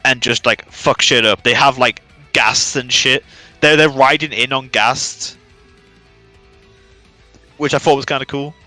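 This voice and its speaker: A man's voice: medium pitch, steady tone, a little slow, pauses often, pushed and bright, no room sound, faint music behind. A man streaming, recapping in casual chat with rambling, profane storytelling.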